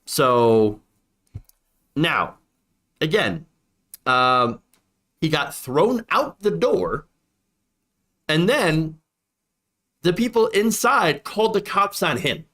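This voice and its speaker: A man's voice: fairly high pitch, big pitch swings, extremely slow, long pauses, bright, forceful tone. A man hosting a political commentary show, talking emphatically and repeating points for effect.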